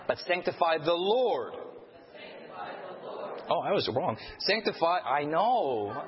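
A fairly high-voiced man preaches and leads scripture recitation, tripping over restarts and dropping playful asides. His voice rings with a long hall reverb, and the audio sounds a little dull. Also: sing-song, slow pace. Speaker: pastor.

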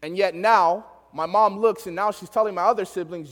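A young man preaching, telling a story from his childhood in an animated way, laughing often and acting out the voices of the people in it. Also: high-pitched, moderate pace, big-room sound. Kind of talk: storytelling sermon.

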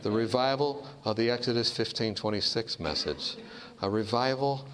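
A man preaching a sermon to a congregation, animated and rhetorical, calling for amens and asking questions of the crowd. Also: mid-range voice, normal speed. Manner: animated, rhetorical call-and-response with the audience. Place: church hall before a congregation.

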